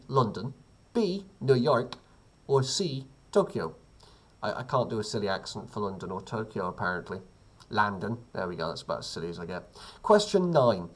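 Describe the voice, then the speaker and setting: Husky man reading a chatty quiz. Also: medium pitch. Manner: chatty, self-deprecating, rambling asides. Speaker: quiz host. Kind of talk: casual quiz reading with asides.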